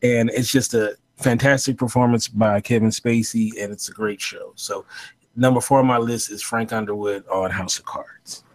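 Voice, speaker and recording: A man's voice: mid-range voice, steady tone, normal speed. A man hosting a casual panel podcast, talking animatedly with frequent laughs and fillers. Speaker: podcast host.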